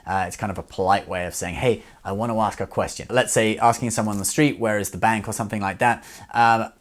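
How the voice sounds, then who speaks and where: A man explaining phrases in a relaxed video lesson, often checking in with "okay?". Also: fairly low pitch, fast talker. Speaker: Chinese language teacher.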